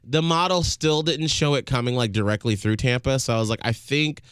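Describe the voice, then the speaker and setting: A man's voice: medium pitch, brisk, a bit bright, clear, resonant tone, no echo, studio quality. A man in casual chat, a curious listener who keeps asking follow-up questions.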